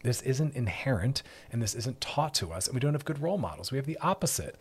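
A man's voice: medium pitch, sing-song, fast talker, breathy edge. A man hosting a solo podcast, delivering an emphatic, preachy monologue with repeated refrains. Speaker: podcast host.

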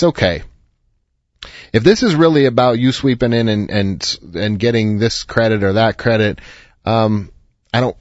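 A man's voice: on the low side, darkish tone, dry recording, muffled recording. A man hosting an advice show, counseling a caller earnestly and reassuringly, sometimes telling a story.

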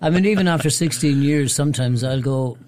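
A man who works as an actor and musician, a guest in a radio studio, telling lively stories with a laugh. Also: fairly high pitch, a little fast, a little hiss or hum. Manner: animated storyteller, laughs. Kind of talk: casual studio chat.

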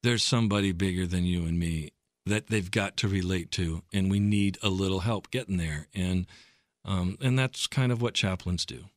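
A man's voice: low voice, normal speed, no echo, studio quality. A man, a pastor, answering interview questions earnestly and reflectively.

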